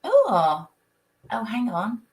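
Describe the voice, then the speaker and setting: A woman with a croaky voice from a coming cold, hosting a live stream as a psychic and chatting casually, greeting viewers by name and laughing often. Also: fairly high pitch, wildly swooping pitch, drawn-out words. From United Kingdom.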